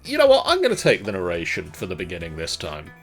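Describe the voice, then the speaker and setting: A man's voice: sits low, huge pitch swings, quick pace, faint music behind. A man co-hosting a casual let's play, chatting hesitantly with many ums and restarts. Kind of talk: casual gaming commentary.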